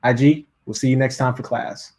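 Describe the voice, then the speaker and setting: A man's voice: medium pitch, steady tone, normal speed, darkish tone. A man teaching a course on a livestream in a loose, informal way, with many fillers, restarts and repeated words. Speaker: course instructor. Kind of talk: casual livestream lecture.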